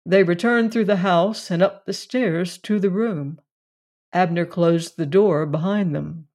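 Audiobook narrator, slow and measured, mid-pitched. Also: darkish tone.

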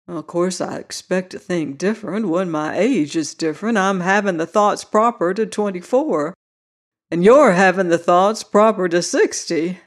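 A reader voicing a young Southern cowboy who teases an old man with gentle, straight-faced mock concern. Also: medium pitch, moderate pace, lightly acted. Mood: deadpan. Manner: gentle, solicitous, deadpan teasing. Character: young Southern cowboy, twenty-four, teasing with mock gravity. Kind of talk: audiobook character voice.

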